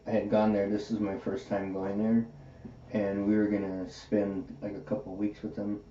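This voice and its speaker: A man's voice: lowish voice, moderate pace. Man telling a story in an echoey room. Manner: animated, acts out quoted dialogue. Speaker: podcast host. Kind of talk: casual storytelling in conversation. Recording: roomy, distant, dull with faint hiss.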